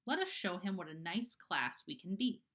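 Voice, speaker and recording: A woman's voice: fairly low pitch, big pitch swings, moderate pace, a bit bright. A woman voicing a strict, fussy schoolteacher in a storybook reading, prim and scolding.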